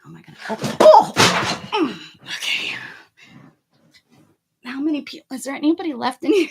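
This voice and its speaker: A woman hosting a casual art livestream from home, chatty and self-mocking, laughing often and muttering softly to herself as she works. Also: high voice, big pitch swings, normal speed, creaky, pauses often. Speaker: art channel host.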